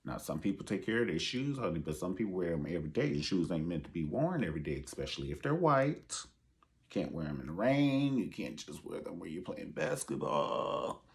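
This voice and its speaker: A man's voice: sits low, very animated, brisk. A man giving sassy, profane pop-culture commentary and calling his listeners honey. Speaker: online show host.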